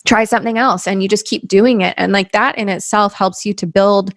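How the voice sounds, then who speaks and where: Woman podcast host, encouraging and earnest, mid pitch, dry close mic. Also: fairly even intonation, brisk, fairly bright tone, dry recording. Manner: earnest, encouraging, laughs easily. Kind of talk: casual conversational interview.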